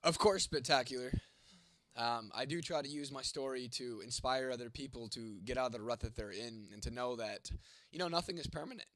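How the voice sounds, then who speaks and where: A man's voice: mid-range voice, a little fast, a bit bright, no room sound. A young man with a congested, fading voice, hosting a casual livestream and answering chat in a blunt, profane, joking way. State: congested, voice going, coughing. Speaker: livestream host reading chat.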